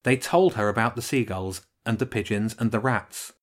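A man narrating a children's storybook with expressive storytelling. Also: fairly low pitch, moderate pace. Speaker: audiobook narrator. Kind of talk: scripted narration.

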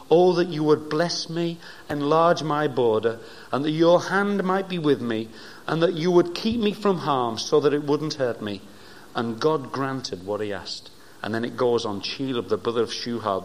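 A man preaching a sermon, telling his own story and checking in with the congregation. He swings from quiet, hushed moments to loud, fervent stretches. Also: mid-range voice, slight background noise. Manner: emphatic, keeps asking "right?". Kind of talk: sermon testimony.

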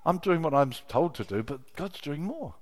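A middle-aged man preaching a sermon, telling personal stories with emotion, dropping to a hush and then rising to loud exclamations. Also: fairly high pitch, expressive, moderate pace. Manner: emotional, swings from hushed storytelling to loud exclamation.

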